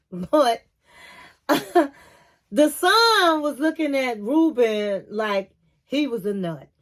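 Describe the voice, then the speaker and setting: A woman hosting a casual TV recap, animatedly retelling scenes and acting out what people said, with opinionated asides. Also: high voice. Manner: animated storyteller, acts out quotes, opinionated asides. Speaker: reality TV recap host.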